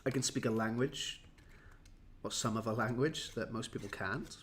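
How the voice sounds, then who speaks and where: A man's voice: medium pitch, moderate pace, fairly bright tone, a little hiss or hum. A tired, jetlagged man from Wales, rambling and self-mocking as he chats with viewers on a livestream. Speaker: livestream host. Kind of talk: casual livestream chat.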